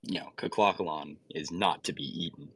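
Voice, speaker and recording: A man's voice: very deep voice, fairly quick, slightly rough. A young man playing a tabletop role-playing game, rambling and bluffing in character. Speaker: player.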